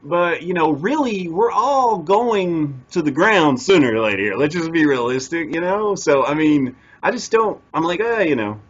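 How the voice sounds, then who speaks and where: A man's voice: on the high side, expressive, moderate pace, few pauses, breathy edge, highs cut off. A man hosting a podcast interview, eager and rambling, restarting his sentences often. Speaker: podcast host. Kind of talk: casual interview chat.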